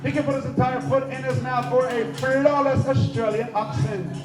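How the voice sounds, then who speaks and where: High-voiced man emceeing a party quiz. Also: normal speed. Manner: energetic, playful, shouts countdowns to the crowd. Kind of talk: lively live event hosting. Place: large indoor party hall. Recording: echoey hall with music and crowd.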